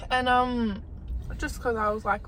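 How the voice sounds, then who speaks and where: A woman's voice: fairly high pitch, little pitch movement, measured pace, a bit bright, a little hiss or hum. Chatty young woman in a car. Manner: chatty, laughing, swears casually. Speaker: co-host, girlfriend. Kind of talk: casual chat in a car. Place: inside a car.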